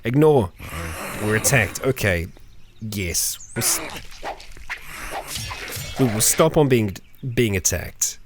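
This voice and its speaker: A man's voice: on the low side, expressive, slow, pauses often, background noise. A young man hosting a let's play, chatting casually through the game and talking to the characters on screen. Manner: chatty, talks to game characters, bursts into mock fury and laughter.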